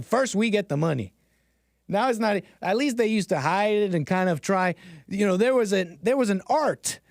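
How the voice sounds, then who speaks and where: A man's voice: high-pitched, no room sound, studio quality. A man hosting a casual commentary stream, rambling with frequent restarts and laughing at his own asides. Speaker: host.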